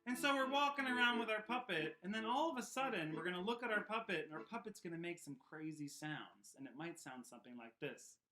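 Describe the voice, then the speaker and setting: A man teaching a children's puppet and sing-along lesson at home, speaking gently and encouragingly. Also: high-pitched, animated, a little fast, hardly any pauses, faint music behind. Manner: gentle, encouraging, talks to kids. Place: home room.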